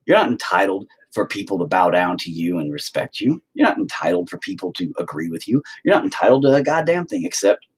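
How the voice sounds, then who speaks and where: A man with a low, husky voice rants in a casual, rambling monologue. His pitch swings widely as he pushes his points, with plenty of swearing and emphatic repetition. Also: big pitch swings, brisk, few pauses, rough recording.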